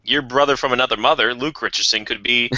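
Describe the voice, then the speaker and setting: A man co-hosting a hockey talk show, joking in quick casual banter. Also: mid-range voice, fairly even intonation, bright, forceful tone, dry recording, muffled recording.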